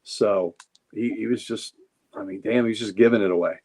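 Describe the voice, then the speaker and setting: A man's voice: lowish voice, moderate pace, a little mellow. Enthusiastic rambling male comic collector. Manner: enthusiastic, rambling, repeats words. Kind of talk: casual livestream chat showing comics.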